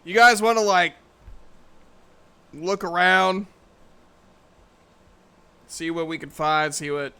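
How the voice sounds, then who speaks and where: A male dungeon master who talks slowly in a bright, forceful voice. He jokes around and laughs often while running a tabletop game. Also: high-pitched, smooth.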